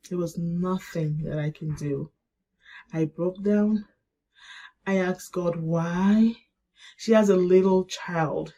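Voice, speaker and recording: A middle-aged woman telling her grief story in a halting, emotional way and reading an old message aloud. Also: lowish voice, rough recording. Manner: halting, emotional, soft-spoken. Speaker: grief support vlogger.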